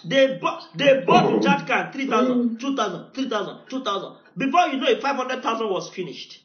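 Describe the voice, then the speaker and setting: High-pitched Nigerian preacher in an echoey hall. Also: male voice, lively intonation, normal speed. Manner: storytelling, rising to shouted decrees. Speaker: pastor. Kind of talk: sermon. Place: church hall. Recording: echoey, dull church recording.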